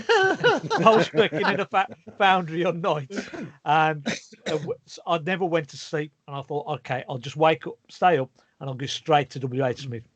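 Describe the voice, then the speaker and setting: A man with a slightly high voice tells a story in a casual podcast. He rambles and restarts his sentences, and the recording is dry and close. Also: sing-song, normal speed, no echo. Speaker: podcast co-host. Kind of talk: casual chat.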